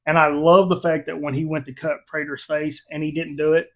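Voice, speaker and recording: A middle-aged man hosts a relaxed review chat with a friend. His voice sits a little high, and he is animated and quick to laugh as he recounts scenes. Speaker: reviewer, channel host. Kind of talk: casual chat.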